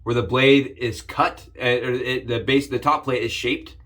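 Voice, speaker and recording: A man hosting a casual shaving vlog, upbeat and jokey, rambling with frequent restarts and sudden excited jumps in pitch. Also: measured pace. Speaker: shaving channel host. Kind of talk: casual shave demonstration vlog.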